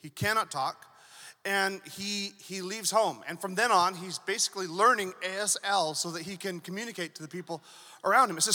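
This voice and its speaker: A male pastor preaches with a playful, animated flair. His voice sits very high and sounds bright and piercing. Long reverb carries through the church hall. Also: fairly quick. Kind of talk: sermon.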